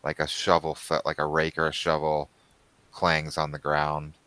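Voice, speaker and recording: A man's voice: a bass voice, completely flat delivery, moderate pace, pushed and bright, clear, resonant tone, no room sound. A man narrating a tabletop game as its game master, describing scenes in a casual storytelling way.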